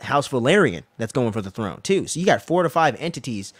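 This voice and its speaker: A man's voice: mid-range voice, very animated, brisk, dry recording. A man hosting a casual TV recap podcast, talking in a slangy, profane way and animatedly retelling scenes. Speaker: podcast host.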